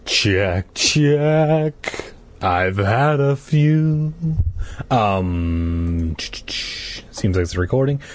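A man casually reading a children's horror book aloud, hoarse from being sick and slipping in crude jokes. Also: lowish voice, animated, drawn-out words. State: hoarse from illness. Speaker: audiobook reader.

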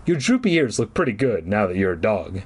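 A man's voice: on the low side, sing-song, brisk, breathy edge, voice pushed down, heavily acted. A man voicing a sarcastic girl who has been turned into a dog, in a dry, teasing manner during a comedic storybook read-aloud. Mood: sheepish.

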